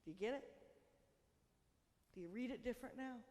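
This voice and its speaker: A woman pastor preaching a sermon, swinging between loud emphatic declarations and soft, hushed lines. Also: a little high, normal speed. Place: church sanctuary. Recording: long church reverb.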